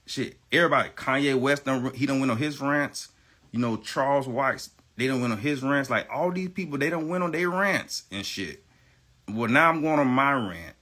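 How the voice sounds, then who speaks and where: Man delivering a rambling, profane livestream rant; bright, tense delivery, insistent. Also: mid-range voice, lively intonation, normal speed. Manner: rambling, profane, repeats himself; emphatic, insistent.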